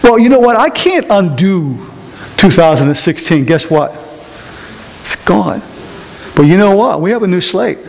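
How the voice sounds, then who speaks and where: A man preaching a sermon to a congregation, repeating key phrases and questioning the audience in a slow, emphatic delivery. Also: high voice, animated, creaky. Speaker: pastor. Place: church sanctuary. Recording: long hall reverb.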